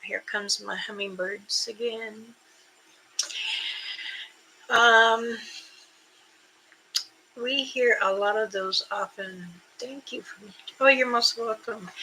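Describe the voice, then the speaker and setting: An older woman hosting a casual live stream, chatting slowly with viewers and imitating creature calls. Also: a little high, fairly even intonation, sharp tone, slight background noise, rough recording. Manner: slow, unhurried talk with frequent fillers. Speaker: livestream host.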